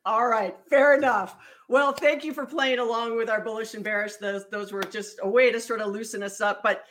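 A woman's voice: fairly high pitch, fairly even intonation, normal speed, fairly bright tone. A woman hosting an interview podcast, upbeat and friendly as she talks with her guest. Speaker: podcast host. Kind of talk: hosted interview.

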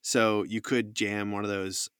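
A man's voice: fairly low pitch, flat delivery, measured pace, fairly bright tone, clear, resonant tone, no echo, studio quality. A man narrating as game master of a tabletop game, hesitant and full of restarts. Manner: hesitant, many fillers and restarts.

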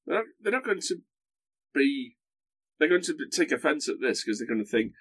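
Animated man chatting with many restarts. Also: on the high side, brisk. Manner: animated, full of restarts and self-corrections. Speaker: guest podcaster. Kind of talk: casual chat.

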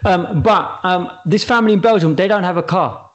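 A man's voice: high-pitched, fairly quick, lo-fi sound. A man co-hosting a casual chat show, telling a story with enthusiasm. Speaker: co-host.

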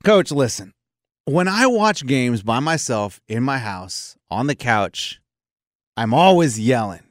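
A man's voice: medium pitch, very animated, takes it slowly, no room sound, studio quality. A man telling sports stories in casual chat, acting out quotes with big vocal jumps. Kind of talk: casual chat, animated storytelling.

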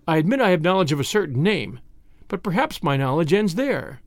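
A man's voice: on the high side, sing-song, brisk, no room sound. A man voicing a cheeky young woman who bluffs in a sweet, arch tone in a storybook reading. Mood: coy.

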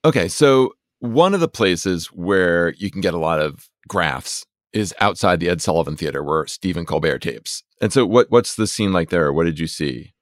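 A man's voice: sits low, lively intonation, normal speed, few pauses, no room sound, studio quality. A man hosting a podcast, curiously questioning his guest. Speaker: podcast host. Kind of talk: interviewing.

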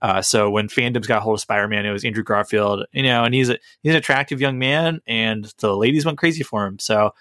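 A man's voice: lowish voice, fast, hardly any pauses, a bit bright, no room sound, studio quality. A man co-hosting a podcast, chatting casually and enthusiastically about a movie with a rambling, jokey manner. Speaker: podcast co-host. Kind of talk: casual movie review chat.

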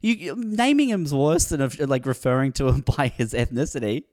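A man's voice: medium pitch, sing-song, moderate pace, a little mellow, no echo. Young man, dry close sound, rambling anecdotes, casual chat. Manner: rambling anecdotes with many fillers and laughs.

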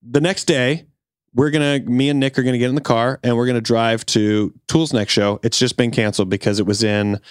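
Animated male podcast storyteller, dry sound. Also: medium pitch, fairly quick, clean tone, no echo. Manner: animated storyteller, acts out quotes. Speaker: podcast co-host. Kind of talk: casual storytelling chat.

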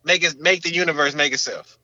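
A young man co-hosting a podcast, talking in an animated, slangy way and leaning on filler words. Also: a little high, a little fast, dry recording, highs cut off. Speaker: podcast co-host. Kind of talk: casual podcast chat.

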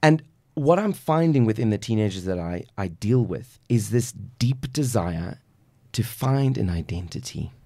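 A man's voice: lowish voice, lively intonation, measured pace, gravelly, mellow, dry recording. A man from South Africa, a guest life coach on a podcast, talking in an emphatic, preachy way and acting out little quotes. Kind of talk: casual podcast conversation.

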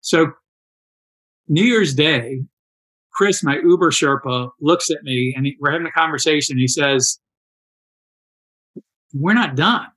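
A man in his sixties telling stories in a casual interview, animated and acting out quoted dialogue. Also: fairly high pitch, unhurried, low-quality recording. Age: 60s. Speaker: interview guest, endurance athlete.

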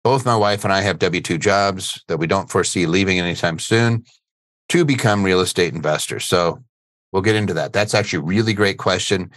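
A man's voice: low voice, brisk, a bit bright, no echo. A middle-aged man hosting a podcast from a studio, chatting casually, joking and laughing easily as he goes. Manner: jokey, laughs easily, rambling. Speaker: podcast host. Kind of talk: casual live webinar chat.

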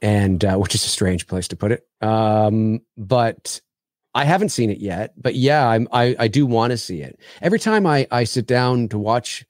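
A man with a Canadian accent, hosting a relaxed live-stream chat on a call, laughing often. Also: fairly low pitch, moderate pace, no room sound, studio quality. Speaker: podcast host.

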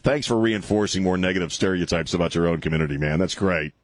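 Brash male talk radio host, deep-ish voice, close dry studio mic, sardonic call-in rant. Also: fast talker, dry recording. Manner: brash, mocking, laughs at his own jokes. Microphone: studio microphone.

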